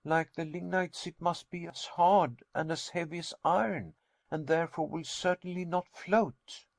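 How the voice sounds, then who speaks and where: A man voicing an anxious, excitable young nephew in a storybook reading. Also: on the high side, measured pace, vocal fry, dry recording, pitched above the performer's own voice.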